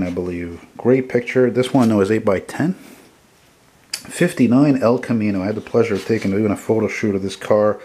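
A man's voice: on the low side, dark tone. A man, rambling enthusiastically as he walks through photos he is selling. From Montreal, Canada. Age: 40s. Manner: rambling and enthusiastic, quick with self-corrections. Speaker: photographer selling his car prints. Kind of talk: casual sales walkthrough.

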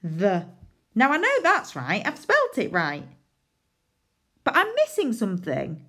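Lady teacher doing phonics for little kids, slow and sing-songy, spelling words out letter by letter. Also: mid-range voice, wildly swooping pitch, pushed and bright. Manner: sounds out letters, makes playful mistakes on purpose. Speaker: primary school teacher. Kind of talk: recorded phonics lesson for young children.

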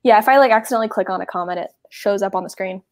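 A woman's voice: medium pitch, very fast. A woman in her twenties from Texas with a Texan accent, hosting a book club livestream over a video call in a chatty, rambling, self-deprecating way. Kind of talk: casual livestream chat.

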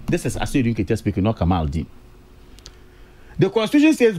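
Animated Ghanaian man arguing on radio. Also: mid-range voice, quick pace. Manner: emphatic, repeats key words, mixes English and Twi. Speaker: radio panelist. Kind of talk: radio political discussion.

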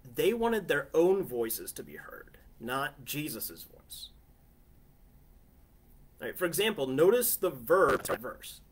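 A man's voice: a little high, sing-song, slow pace, a little hiss or hum. A man preaching a sermon from his family living room in a conversational way, often asking listeners "right?". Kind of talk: home sermon.

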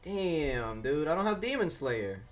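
A man streaming a mobile game, chatting casually with viewers and cooing softly to his cat. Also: on the high side, unhurried, over loud music. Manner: animated, talks to chat and coos to his cat. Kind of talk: casual live-stream chat.

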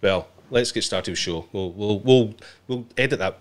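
A man's voice: lowish voice, moderate pace. A man hosting a live stream, chatting playfully with his guest and greeting viewers. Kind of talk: bantering live stream chat.

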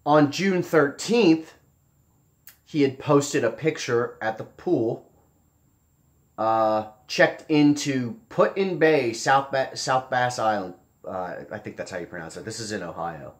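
A man's voice: medium pitch, takes it slowly. A man giving casual commentary, blunt and profane, with a sarcastic edge, often repeating phrases for emphasis. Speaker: political commentator.

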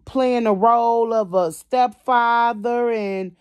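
A woman vlogger venting to her viewers, emotional and swinging between quiet and loud, constantly addressing them directly. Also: on the high side, fairly even intonation, slow, smooth, dry recording, muffled recording. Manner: emotional, repeats "y'all" constantly. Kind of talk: venting to camera.

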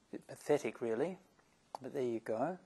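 Brief: male monk, relaxed dharma talk, wry and chatty. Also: medium pitch, breathy edge. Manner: relaxed, chatty, self-amused. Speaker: Buddhist monk teacher.

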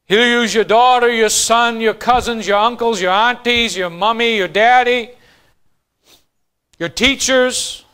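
A man preaching a sermon as pastor, swinging from quiet, low lines to fast, loud bursts. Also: fairly even intonation, clear, resonant tone.

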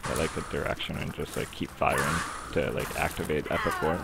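Deep gravelly young man rambling over gameplay. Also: steady tone, brisk. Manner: rambling, swears a lot, filler-heavy. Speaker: gaming commentator. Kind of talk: casual gameplay commentary. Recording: noisy home recording.

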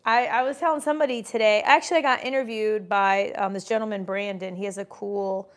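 A brisk woman in her forties, with a steady, mid-range voice, runs a casual livestream as a business coach. She delivers emphatic motivational talk, reads chat comments aloud, and mocks doubters by imitating them.

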